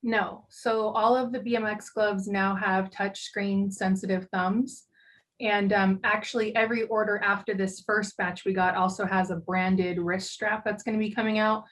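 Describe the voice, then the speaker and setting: A woman's voice: mid-range voice, flat delivery, normal speed, fairly bright tone, poor audio. Chatty woman guest on a video call. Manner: chatty, explains products with fillers. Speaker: guest, glove company owner. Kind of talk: casual interview over video call.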